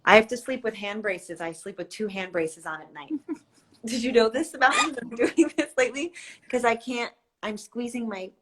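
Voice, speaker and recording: A woman's voice: on the high side, moderate pace, a bit bright. Chatty, gushing woman on a live stream. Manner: gushing, chatty, laughs easily. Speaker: actress hosting an Instagram live. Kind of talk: casual chat. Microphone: phone or laptop on a live video stream.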